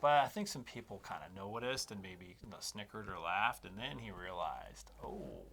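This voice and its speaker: A man's voice: fairly low pitch, lively intonation, normal speed, slight background noise. Rambling man telling funny stories. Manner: rambling, humorous storytelling that trails off quietly. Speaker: podcast co-host. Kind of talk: casual chat. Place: studio in Colorado.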